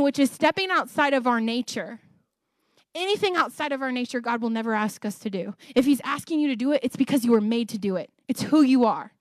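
A woman's voice: sits high, brisk, dry recording, clean studio sound. A woman sharing a personal faith testimony in an emotional, earnest way, often repeating phrases for emphasis. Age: adult, married ten years.

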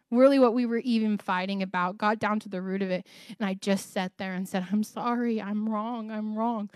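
A woman's voice: medium pitch, darkish tone, clean tone, no echo, studio quality. A woman sharing a personal faith testimony in an emotional, earnest way, often repeating phrases for emphasis. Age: adult, married ten years.

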